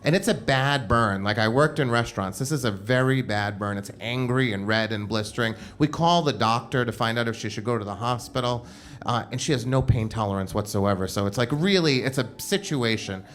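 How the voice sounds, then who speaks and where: A man's voice: mid-range voice, a little fast, a bit bright. A man telling a personal story on stage at a live show, casual and comic, with frequent "like" fillers. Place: live show at a club venue.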